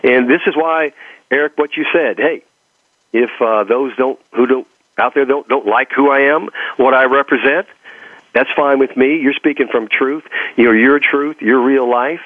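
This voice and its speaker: A man's voice: medium pitch, moderate pace, no echo. An earnest man with a Texas drawl, talking like a motivational preacher who loves repetition. His voice comes through a narrow, phone-like line with a dry sound. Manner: earnest, preachy, repeats phrases for emphasis. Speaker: guest. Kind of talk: motivational interview talk.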